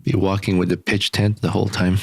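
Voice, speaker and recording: A man's voice: sits low, little pitch movement, a little fast, gravelly, husky. A middle-aged American man co-hosting a podcast, teasing and cracking jokes in casual chat. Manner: teasing, jokey, interrupts with quips. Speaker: podcast co-host.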